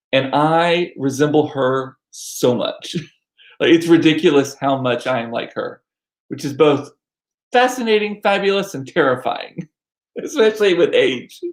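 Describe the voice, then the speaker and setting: A man in his forties telling stories in a chatty, irreverent way, laughing often. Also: fairly high pitch. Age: 40s. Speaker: vlogger. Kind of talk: casual storytelling.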